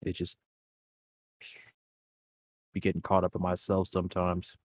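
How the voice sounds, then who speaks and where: A man's voice: sits low, completely flat delivery, unhurried, no room sound. A young man in casual chat, laid-back and slangy, leaning on filler words.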